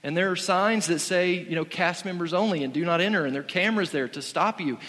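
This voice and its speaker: A man's voice: high voice, fast talker, fairly bright tone, long reverb tail. A man preaching a sermon in an earnest, conversational way, often restarting his sentences. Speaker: pastor.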